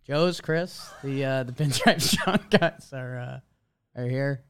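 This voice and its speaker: A man's voice: medium pitch, slow, fairly bright tone, clean tone, dry recording. A man co-hosting a podcast, chatting about baseball in a laid-back, wry way. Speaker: podcast co-host. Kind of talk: casual sports chat.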